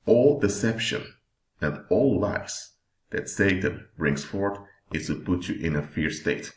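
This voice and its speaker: Deep-voiced man preaching slowly. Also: animated, reverberant. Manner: slow, deliberate emphasis with drawn-out words. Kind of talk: sermon-style teaching.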